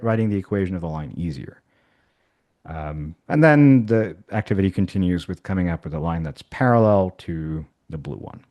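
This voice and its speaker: Low-voiced man demoing math software. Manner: casual, thinking aloud with fillers and restarts. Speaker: math instructor. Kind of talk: workshop software demonstration.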